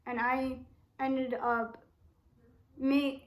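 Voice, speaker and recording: A woman's voice: high-pitched, little pitch movement, drawn-out words. A young woman vlogging a life update at home, rambling and quoting herself and others over and over. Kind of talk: casual life update vlog. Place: room at home with door shut.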